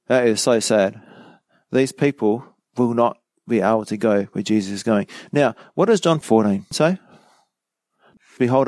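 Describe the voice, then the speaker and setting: A pastor with a mid-range, slightly mellow voice leads a Bible study verse by verse, reading each verse aloud before explaining it. He adds conversational asides and questions aimed at the listener. There's no echo.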